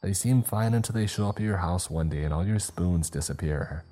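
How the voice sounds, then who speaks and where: A man voicing a nosy, sharp-tongued elderly woman neighbor who scolds and judges. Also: deep voice, brisk. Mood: scolding. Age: older.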